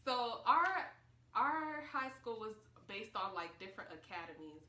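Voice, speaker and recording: A young woman from Florida telling a story to camera in a casual, animated, slangy way. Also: on the high side, a little slow, distant mic. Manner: animated, dramatic, slangy retelling. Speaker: vlogger. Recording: echoey room, voice a bit off-mic.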